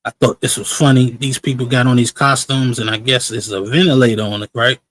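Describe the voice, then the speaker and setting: A man hosts a casual live-stream review show, reacting to clips and shouting out viewers. His talk is loose, slangy and chatty, with a mid-range voice. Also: mid-range voice, steady tone, a little fast, rough recording. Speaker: livestream show host.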